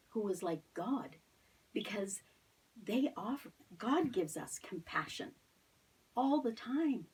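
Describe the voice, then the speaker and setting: A woman's voice: medium pitch, darkish tone, breathy edge, distant mic. A middle-aged woman teaching a children's Sunday school lesson online. She tells a Bible story expressively and keeps asking the children questions.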